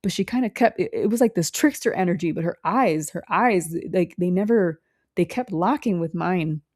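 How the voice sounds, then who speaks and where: A woman's voice: lowish voice, moderate pace, darkish tone, dry recording, studio quality. A young woman vlogger telling a rambling story in a casual, chatty way, full of fillers and restarts and the odd swear.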